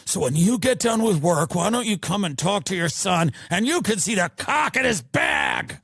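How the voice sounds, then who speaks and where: A man voicing a frantic suburban mother phoning her husband in a shrill, panicked shout. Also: huge pitch swings, moderate pace, creaky, slightly rough, dry recording, studio quality, heavily acted.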